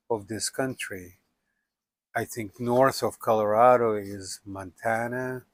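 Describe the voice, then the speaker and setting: A man in his seventies from Russia, telling his life story in a musing, unhurried way. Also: on the low side, no echo. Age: 70s. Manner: unhurried, musing, with frequent "you know" and "like". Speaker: documentary subject. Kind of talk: reflective personal storytelling.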